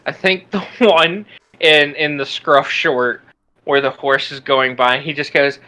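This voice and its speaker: A man chatting casually on a group call about voicing characters, laughing between stories. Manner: slow, lively pitch, laughs between stories. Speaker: voice actor and series creator.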